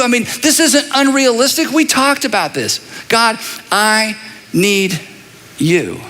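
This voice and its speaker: Middle-aged man preaching, high and sharp in tone, animated delivery, echoing hall. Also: unhurried. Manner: animated, conversational preaching with repeated phrases and asides. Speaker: pastor. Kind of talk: sermon. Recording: long reverb of a large hall.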